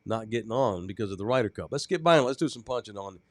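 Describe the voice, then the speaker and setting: A man's voice: fairly low pitch, expressive, fast talker, no room sound. A man co-hosting a sports podcast, ranting casually with lots of profanity. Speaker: podcast co-host.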